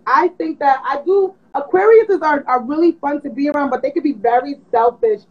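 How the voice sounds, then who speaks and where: A woman's voice: high voice, fairly quick. A woman in a casual chat show who moderates the conversation and asks the others questions. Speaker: co-host leading the segment. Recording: dull lo-fi sound.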